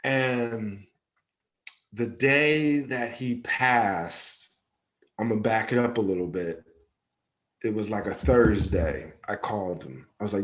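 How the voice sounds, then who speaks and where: A man's voice: lowish voice, measured pace, a bit bright. Man telling a personal story casually. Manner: loose, conversational, acts out quoted dialogue, repeats "yada, yada". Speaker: podcast co-host.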